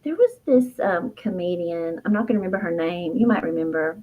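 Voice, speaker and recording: A woman's voice: lowish voice, expressive, brisk, narrow, tinny audio. Heartfelt woman telling a personal story. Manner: heartfelt, reflective, frequent fillers and soft laughs. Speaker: guest, herbalist and author.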